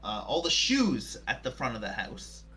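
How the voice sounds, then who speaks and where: A man's voice: mid-range voice, huge pitch swings, normal speed, over music, rough recording. A man running a tabletop game as game master, playful and teasing, with frequent hesitations.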